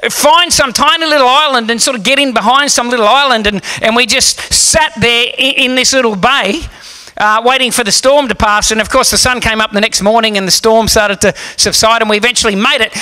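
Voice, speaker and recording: A man preaching a sermon, telling a story in an animated, humorous way. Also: very high voice, brisk, clean tone. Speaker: pastor.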